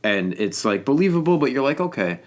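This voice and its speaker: A young man with a fairly low voice, chatting casually about a film he found only average. He sounds blunt and unimpressed and swears offhandedly. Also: brisk. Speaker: movie reviewer. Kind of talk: casual chat.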